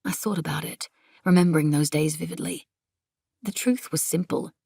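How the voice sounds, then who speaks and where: A woman reading a novel aloud in measured, intimate first-person narration on a close studio mic. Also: sits low, vocal fry, warm tone, slightly rough, no echo. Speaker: audiobook narrator.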